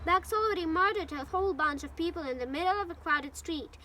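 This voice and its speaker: A woman with Ukrainian as her first language reading the part of a bossy, sharp-tongued schoolgirl in a storybook. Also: extremely high pitch, fairly quick, slight background noise. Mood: scolding. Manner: snappy, scolding.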